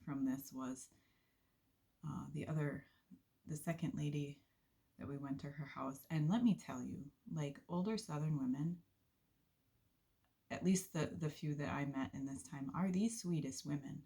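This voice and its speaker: A woman giving an earnest, unhurried devotional talk with soft laughs, sharing a faith testimony from her volunteer work. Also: low-pitched, vocal fry, husky.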